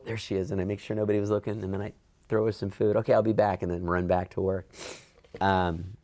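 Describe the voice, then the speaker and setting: A middle-aged man with a fairly low voice tells a workplace story in an oral history interview. He talks with lively ups and downs and acts out the dialogue in a raised voice. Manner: animated, acts out quoted dialogue with raised pitch. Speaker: interviewee, events program manager.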